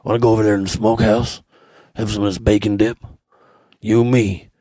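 A man putting on a sleazy low-voiced smokehouse guy. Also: little pitch movement, a little fast, warm tone, breathy edge, no echo. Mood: sultry. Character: sleazy lowered-voice man inviting a buddy into the smokehouse.

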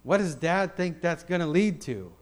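A middle-aged man preaching with a slightly high voice. He talks to the congregation like a conversation, dropping into quiet asides and then rising into loud, fervent declarations. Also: normal speed. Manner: animated, conversational, swings between loud declarations and soft asides. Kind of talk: sermon.

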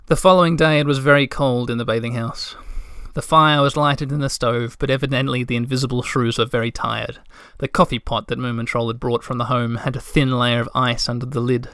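A man narrating a storybook in a calm, measured way. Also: medium pitch, clear, resonant tone, dry recording, studio quality. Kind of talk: audiobook narration.

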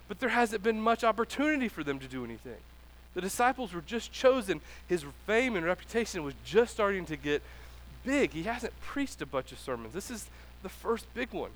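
High-voiced casual preacher man. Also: brisk. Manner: casual, animated, acts out dialogue in asides. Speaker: pastor. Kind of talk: conversational sermon.

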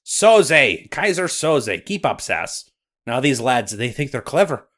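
A man's voice: mid-range voice, big pitch swings, slow, fairly bright tone, heavily acted. A man voicing a sly male Loch Ness monster with a put-on Scottish accent, telling a tale in a dramatic, theatrical way for a comedy podcast bit. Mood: dramatic storytelling. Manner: dramatic narrating, rolled-up storytelling.

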